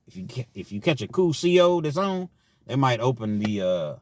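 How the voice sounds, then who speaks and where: A man from Kentucky telling stories in a casual, slangy way, often adding "man" to his sentences. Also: medium pitch. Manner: slangy, drawn-out asides with "man". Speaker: vlogger telling prison stories. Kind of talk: casual storytelling.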